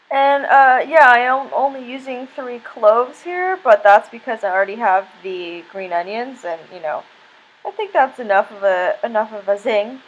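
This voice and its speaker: A young woman chats casually as she cooks in her home kitchen, joking at her own expense and laughing often. Her voice sits a little high. Clear frying sizzle runs under her talk. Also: a little hiss or hum, poor audio. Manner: chatty and self-mocking, laughs often. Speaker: home cooking vlogger. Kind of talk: casual cooking vlog chat. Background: sizzling and stirring from the pan.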